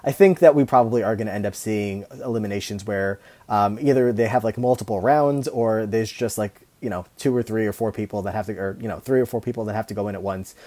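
A man's voice: fairly low pitch, fast. A man co-hosting a podcast, chatting casually about a reality show with lots of fillers and restarts. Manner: relaxed, rambling with many fillers. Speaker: podcast co-host.

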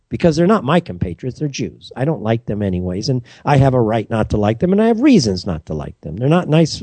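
American man, ranting solo monologue, lively pitch swings, mellow tone, emphatic and repetitive. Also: breathy edge, no echo. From United States. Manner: emphatic and repetitive, heated storytelling.

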